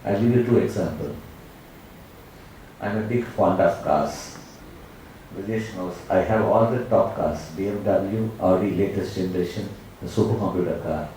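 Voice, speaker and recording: A man from India giving a motivational speech to students in an auditorium and telling stories in an animated way. He keeps calling the crowd "my dear friends". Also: deep voice, moderate pace. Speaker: guest speaker. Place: large auditorium. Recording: echoey hall, mic at a distance, faint noise.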